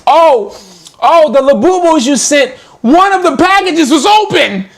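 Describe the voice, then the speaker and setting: A man voicing a whiny, complaining male customer in a pleading, high-pitched whine. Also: expressive, unhurried, exaggerated voice.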